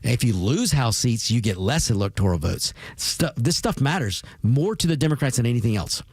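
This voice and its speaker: A man's voice: medium pitch, sing-song, normal speed, a little mellow, breathy edge, no room sound. A male radio host drives through an emphatic political monologue, circling back to repeat his points and calling out to his listeners. The sound is close and dry, with no room around it. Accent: Spanish-rolled R's on Latin words. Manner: emphatic, repetitive, addresses listeners as folks. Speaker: radio talk show host.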